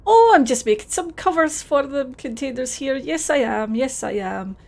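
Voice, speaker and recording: A woman's voice: high voice, lively intonation, normal speed, creaky, a little mellow. A woman with a Scottish accent voicing a simple, friendly, cheerful male dockworker, reading game dialogue aloud. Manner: cheerful, chuckling.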